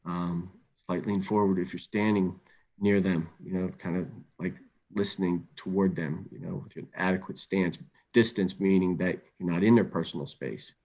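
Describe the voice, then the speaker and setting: A middle-aged man presenting an instructional webinar, calm and measured, often repeating words as he thinks aloud. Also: deep voice. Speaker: webinar presenter on crisis intervention.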